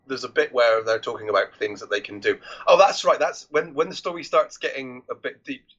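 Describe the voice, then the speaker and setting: A man's voice: medium pitch, steady tone, brisk, a bit bright, highs cut off. A man in a casual film chat, animatedly retelling scenes and quoting lines.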